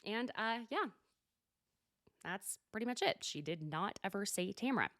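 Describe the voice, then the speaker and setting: Gossipy podcast host with lively pitch. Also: female voice, moderate pace, no echo, clean studio sound. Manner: gossipy, swears, laughs, acts out quotes. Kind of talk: casual recap chat.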